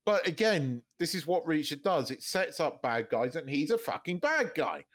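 A man chatting on a podcast, his voice sitting a little high for a man. He rambles through restarts, swears freely and breaks into laughter often. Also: sing-song, moderate pace, a bit bright. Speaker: podcast co-host. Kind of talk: casual chat.

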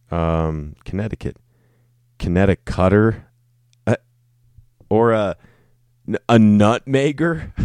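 A man's voice: low voice, a little mellow, dry recording, studio quality. A young man hosting a casual solo podcast, rambling and joking with plenty of swearing. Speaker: podcast host.

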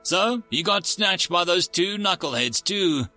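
A man's voice: sits high, animated, unhurried, bright, forceful tone, soft background music, voice pushed up, exaggerated voice. A man voicing a breezy, wisecracking male porpoise alien with a Brooklyn accent in an audiobook story. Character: brash male porpoise alien, laid-back.

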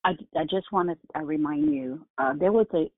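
A woman's voice: deep voice, animated, fairly quick, creaky, no echo. Woman caller, mid-range voice, fervent and stammering; thin phone-line audio. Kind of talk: casual church call-in.

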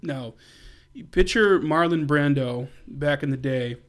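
A man co-hosts a casual podcast with a slightly raised pitch. He talks enthusiastically about the music he loves. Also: a little slow. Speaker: podcast co-host. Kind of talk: casual chat.

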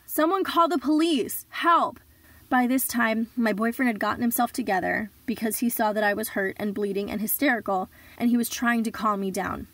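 A woman telling a personal story in an earnest, measured way, with sudden shouted outbursts when she quotes herself. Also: mid-range voice, no room sound. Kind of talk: personal story told live.

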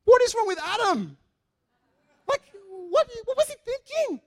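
A man voicing an excitable young male coworker with an Indian accent, exclaiming in disbelief. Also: a little slow, exaggerated voice. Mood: incredulous. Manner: loud, high and exclaiming, throws arms around.

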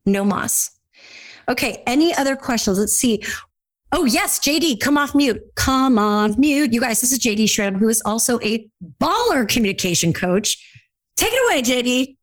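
A woman hosts a live question-and-answer session as a podcaster and speaking coach. Her voice sits a little high, and her delivery is upbeat, blunt and jokey, with a casual swear here and there. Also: big pitch swings, normal speed. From Orange County, California. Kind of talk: lively live Q&A chat.

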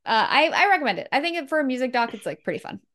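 A woman co-hosting a casual podcast, agreeable and quick to laugh. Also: high-pitched, sing-song, fairly bright tone. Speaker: podcast co-host. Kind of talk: casual chat.

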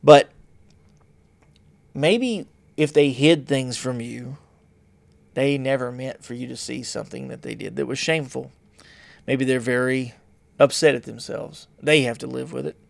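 A man's voice: medium pitch, unhurried, creaky, pauses often, no room sound. A man talking in a rambling, blunt and self-mocking casual monologue.

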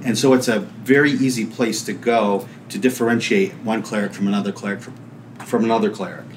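A man on a podcast panel, talking through ideas in a measured, analytical way. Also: fairly low pitch, fairly even intonation, a little hiss or hum. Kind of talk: casual podcast discussion.

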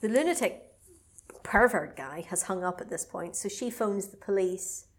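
Woman chatting, animated storyteller, recapping a movie plot with a mate. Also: mid-range voice, moderate pace. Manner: animated storyteller, swearing and bursting into mock voices. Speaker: podcast co-host. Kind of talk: casual chat retelling a film plot.

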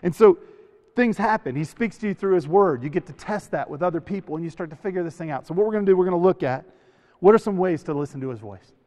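A man giving an animated sermon to young people, telling stories and acting out the voices of the people in them. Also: high-pitched, fast, big-room sound, lo-fi sound. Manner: animated storytelling, acts out quoted voices. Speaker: youth speaker. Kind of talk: sermon to a youth camp.

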